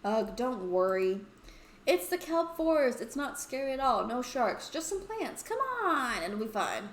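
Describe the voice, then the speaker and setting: A woman's voice: on the high side, big pitch swings, a little slow, a little hiss or hum. A woman doing an eager, pleading schoolgirl. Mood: coaxing. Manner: pleading, upbeat, pushy. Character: bossy cheerful schoolgirl eager to impress. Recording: roomy echoey room.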